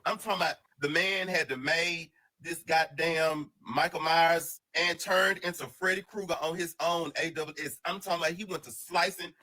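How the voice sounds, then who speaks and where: A man telling a casual storytime monologue in an animated, slang-heavy, rambling way full of restarts. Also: a little high, moderate pace, few pauses, rough recording.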